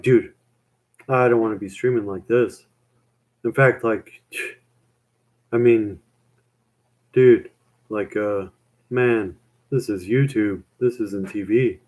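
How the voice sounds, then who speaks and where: A man's voice: fairly low pitch, fairly even intonation, takes it slowly, long pauses, a little mellow. Rambling young man streaming. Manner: rambling, filler-heavy, swears casually. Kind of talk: rambling live-stream chat.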